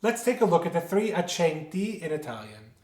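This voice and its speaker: A man's voice: a little high, sing-song, fairly quick, a little mellow. Man teaching music in a roomy space. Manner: explanatory, poses rhetorical questions and answers them. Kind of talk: instructional lecture. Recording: roomy echo.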